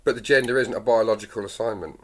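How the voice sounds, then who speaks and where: A man keeps pressing his point in a casual podcast debate. He asks question after question and returns calmly to his argument. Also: on the low side, fast. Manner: persistent, questioning, calmly arguing. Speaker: podcast co-host.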